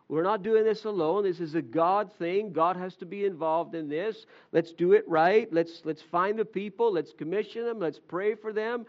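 Guy preaching, kinda high voice, tells the story and does the disciples' lines, sounds a bit muffled. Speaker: pastor. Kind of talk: sermon.

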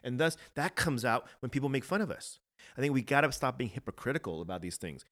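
A man's voice: medium pitch, very animated, quick pace, fairly bright tone. A man co-hosting a podcast, giving his opinions in a casual, earnest way and often repeating words as he starts a point. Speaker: podcast co-host.

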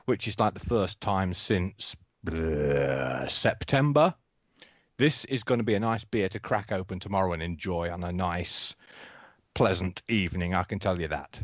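A man with an English accent, co-hosting a casual podcast chat in a lively, joking way. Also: sits low, unhurried, dry recording, lo-fi sound. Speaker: podcast co-host.

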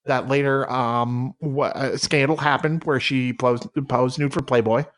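A man co-hosting a comedy podcast, rambling through made-up facts in deadpan improvised banter. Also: medium pitch, measured pace. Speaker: podcast co-host.

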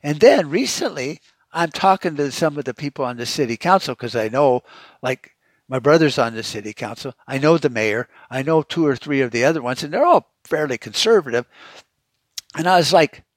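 A man's voice: fairly high pitch, animated, normal speed, no room sound. A man hosting a podcast, ranting heatedly and sarcastically with constant swearing. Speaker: podcast host. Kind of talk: profane rant.

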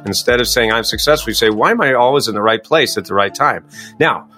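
A middle-aged man speaks fast, in a bright and forceful voice. He answers interview questions with emphatic energy, with faint music underneath. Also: mid-range voice. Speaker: podcast guest, coach.

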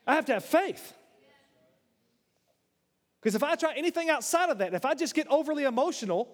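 A man preaching a sermon in a church, animated, swinging between loud, high exclamations and low, quiet asides. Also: brisk, long pauses. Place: church sanctuary. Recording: long hall reverb.

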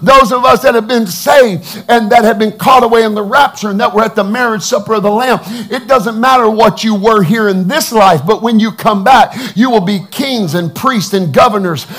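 A male pastor preaching a sermon to his congregation on a microphone, moving from calm teaching to shouted proclamation and asking the crowd for responses. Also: high voice, normal speed, few pauses. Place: church sanctuary with a congregation.

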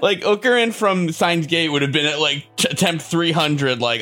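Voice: moderate pace, few pauses, faint music behind. A podcast co-host in a casual chat about a video game, quoting characters expressively. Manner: expressive, swings pitch widely when quoting characters.

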